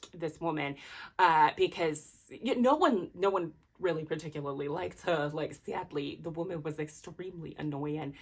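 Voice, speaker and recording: A woman with a slightly low-pitched voice gives a casual book review on her own channel. She rambles along in loose, chatty phrases packed with fillers and drops in self-deprecating apologies. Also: fairly bright tone. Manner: rambling and chatty, full of "like" and "you know". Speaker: book vlogger.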